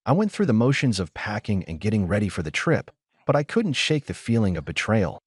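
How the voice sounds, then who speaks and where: Low, lively male story narrator. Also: fairly quick, slightly rough, no room sound, clean studio sound. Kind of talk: scripted first-person story narration.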